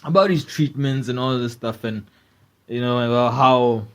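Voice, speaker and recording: A man hosting a comedy podcast, ranting in a loose, animated way and swearing a lot. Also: mid-range voice, moderate pace. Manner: animated, swearing, keeps asking "right?". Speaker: podcast host. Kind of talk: comedy rant.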